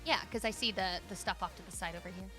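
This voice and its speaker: A woman streamer commenting excitedly on a game, gushing and thinking aloud as she tours player-made spaces. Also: mid-range voice, fast talker, music in the background.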